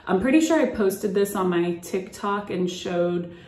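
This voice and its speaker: Young woman, breathless, slow and chatty, echoey room, casual beauty tutorial. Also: medium pitch, darkish tone. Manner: chatty, filler-heavy, demonstrating as she goes. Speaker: beauty vlogger. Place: at home by a mirror.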